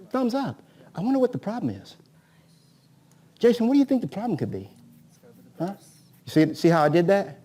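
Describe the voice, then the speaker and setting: Coaching man with a mellow, higher voice. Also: big pitch swings, fairly quick, long pauses. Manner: rhetorical, keeps asking "right?"; acts out agent-seller dialogues. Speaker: real estate coach. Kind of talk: live seminar teaching.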